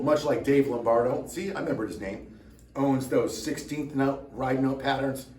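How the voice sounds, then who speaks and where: A man's voice: mid-range voice, a little mellow, reverberant, distant mic. A tired man hosting his own channel, chatting casually to camera with rambling, self-mocking dry jokes. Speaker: drummer and channel host.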